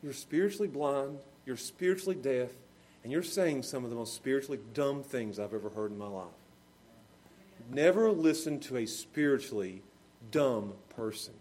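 A man's voice: medium pitch, animated, moderate pace, darkish tone, slight background noise. A man preaching a sermon with emphatic delivery, rising and falling in volume, sometimes laughing at his own examples. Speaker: pastor.

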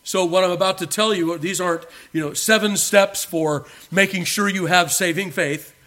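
A pastor preaching an emphatic sermon, swinging between loud declarations and hushed endings. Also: male voice, high-pitched, fairly even intonation, normal speed.

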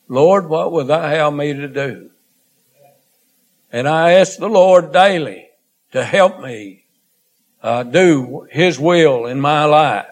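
Slow, earnest preacher man. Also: fairly high pitch. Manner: slow, earnest, with drawn-out phrases and trailing quiet endings. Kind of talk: sermon.

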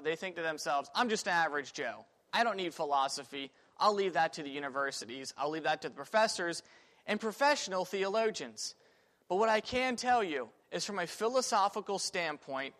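A man with a somewhat high voice teaches a Sunday school class in a church classroom. He talks casually, thinking aloud with fillers and restarts. The recording carries a long, lingering reverb from the room. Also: a bit bright.

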